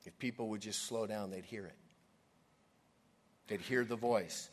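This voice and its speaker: A man preaching a sermon, moving between loud emphatic lines and quiet, hushed passages. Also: lowish voice, unhurried, pauses often. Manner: dynamic, swings from loud emphasis to hushed near-whisper. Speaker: pastor.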